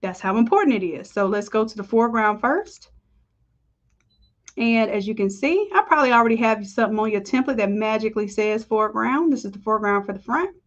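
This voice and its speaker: A woman with a fairly high voice leads a live design tutorial, chatting upbeat with her viewers as she works. The stream audio sounds a little dull and lo-fi. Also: expressive, a little fast. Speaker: design instructor. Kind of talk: live screen-share tutorial.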